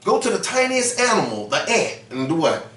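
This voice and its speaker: A man's voice: sits high, huge pitch swings, fairly quick, a bit bright. A man teaching scripture in a street-style preaching manner, emphatic and slangy, often tagging "man" onto his lines. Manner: emphatic, slangy, repeats "man" and "you know what I'm saying". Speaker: teacher leading a scripture study. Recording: roomy sound from a distance.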